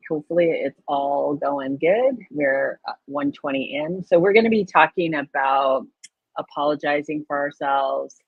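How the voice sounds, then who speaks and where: A woman's voice: low voice, measured pace, breathy edge, dry recording. A woman co-hosting a spiritual livestream in casual chat, talking with many fillers and frequent laughs over a video call. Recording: dry, phone-like sound.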